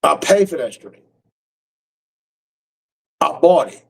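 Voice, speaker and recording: A man's voice: fairly high pitch, big pitch swings, slow pace, gravelly, breathy edge, low-quality recording. A man ranting on his stream in a blunt, harsh way, cursing freely. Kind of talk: profane casual rant.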